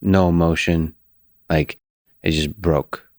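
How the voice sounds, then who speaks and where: A man hosting a podcast, asking slow, probing questions with hesitant fillers. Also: low voice, fairly even intonation, a little mellow, dry recording, clean studio sound. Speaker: podcast host. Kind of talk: interview conversation.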